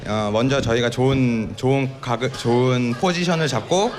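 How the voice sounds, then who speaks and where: A man's voice: mid-range voice, racing. A man answering as a pro player in a post-match interview, explaining matter-of-factly. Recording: crowd noise behind.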